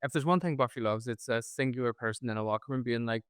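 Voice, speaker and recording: A man's voice: mid-range voice, quick pace, fairly bright tone, clear, resonant tone, no room sound. A man co-hosting a podcast, recapping an episode in casual chat with sarcastic jokes. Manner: sarcastic, jokey recapping, puts on silly voices. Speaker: podcast co-host. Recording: no studio mic, recorded together in a room.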